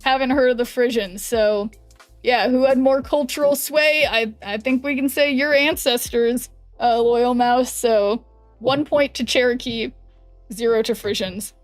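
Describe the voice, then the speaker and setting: A young woman with a higher voice chats casually on a live stream, rambling between fillers and restarts. Faint music plays underneath her talk. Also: measured pace, no echo. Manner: chatty and rambling, many fillers and self-corrections. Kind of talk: casual chat while gaming, reading chat aloud.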